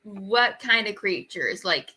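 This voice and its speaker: A woman's voice: mid-range voice, expressive, slow pace, pushed and bright, husky. A woman playing a tabletop game, thoughtful and talking her turn through. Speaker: player.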